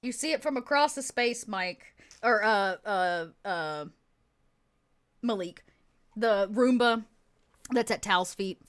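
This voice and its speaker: A woman's voice: medium pitch, animated, slow pace, pauses often, fairly bright tone, clean tone. A woman running a tabletop game as game master, narrating casually with many fillers and restarts.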